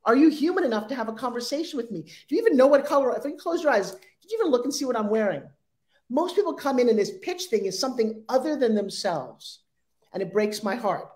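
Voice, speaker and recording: Brief: lively sixties woman, a bit high, acts out quotes while she talks. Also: fast. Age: 60s. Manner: animated, acts out pitches in quoted voices. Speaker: guest. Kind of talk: energetic interview talk.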